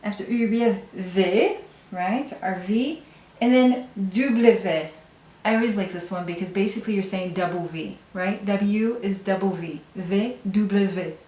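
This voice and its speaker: Woman, patient teacher, step-by-step explaining, mid pitch, echoey room. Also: normal speed, a little mellow. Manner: patient, explains step by step, often checks in with "right?". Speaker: French teacher. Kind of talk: video language lesson.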